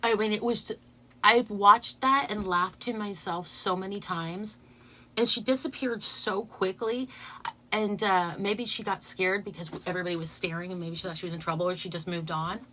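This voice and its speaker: A woman talks straight to her viewers with a bright, forward tone, retelling a funny moment. She laughs through her lines, restarts sentences and jumps up in pitch when she gets excited. The delivery is casual and unscripted. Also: normal speed, a little hiss or hum. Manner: animated, laughing often, stumbling over words. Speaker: vlogger.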